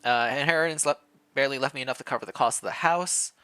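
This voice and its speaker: A man's voice: mid-range voice, quick pace, sharp tone, clean tone, faint music behind. A man streaming, casually reading a visual novel aloud and commenting, often laughing and correcting himself.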